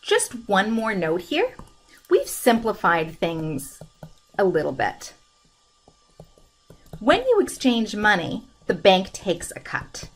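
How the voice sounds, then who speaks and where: A woman's voice: mid-range voice, huge pitch swings, takes it slowly, pauses often. Woman explaining math step by step. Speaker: math instructor. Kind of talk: screen-recorded lesson, working through problems.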